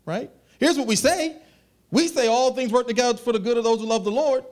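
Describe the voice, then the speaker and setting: A man preaches with a high-pitched voice in a loose, conversational way. He slips into little acted voices to make his points. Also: fairly quick. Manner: animated, conversational preaching with acted asides and laughs. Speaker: pastor. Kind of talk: sermon.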